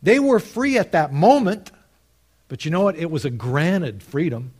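A man preaching a sermon, arguing step by step and quoting scripture, swinging between quiet asides and loud emphatic points. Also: a little high, expressive, measured pace. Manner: argues step by step, quotes scripture.

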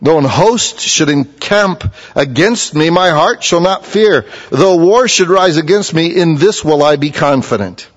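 A middle-aged man preaching with a fairly high voice, telling stories in a folksy way. He drops low and quiet, then rises loud and emphatic. The recording sounds dull and lo-fi. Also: expressive, a little slow, few pauses. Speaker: pastor. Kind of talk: sermon.

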